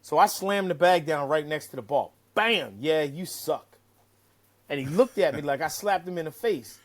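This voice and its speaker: Male interview guest with a somewhat high voice, telling casual stories with animated, profane delivery. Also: moderate pace. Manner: animated, profane, acts out quotes. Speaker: caddie-turned-broadcaster guest. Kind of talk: casual storytelling.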